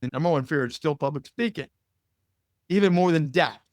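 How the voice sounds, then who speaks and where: A man with an Indiana American accent, talking as a guest in a casual interview. He is animated and laughs easily. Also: fairly high pitch, a little fast, dry recording. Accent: American Midwestern, Indiana. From United States. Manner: animated and expressive, laughs easily, acts out voices in quotes. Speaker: guest, media coach and broadcaster.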